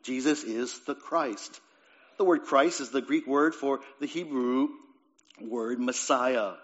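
A man at mid pitch preaches a sermon, pressing hard on some lines and letting others fall almost to a hush. He restarts and repeats words as he thinks aloud, and the recording sounds dull and lo-fi. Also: takes it slowly. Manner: swings between raised emphatic lines and quiet, dropped phrases.

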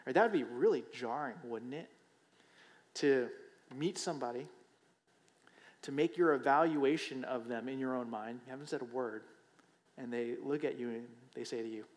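A man's voice: mid-range voice, normal speed, pauses often. A man preaching a sermon in a conversational way, often checking in with the listeners with a rhetorical question and repeating phrases for emphasis. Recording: long hall reverb.

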